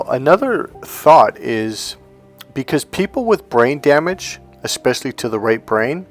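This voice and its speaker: A middle-aged man and self-help coach talking casually, telling stories with plenty of restarts and acting out what people said. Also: medium pitch. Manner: chatty, animated storytelling with acted-out quotes. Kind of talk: casual talking-head advice.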